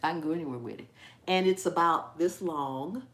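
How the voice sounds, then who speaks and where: A woman hosting a casual live stream, hyper and animated, often laughing and mimicking people. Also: sits low, moderate pace. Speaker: gardening channel host.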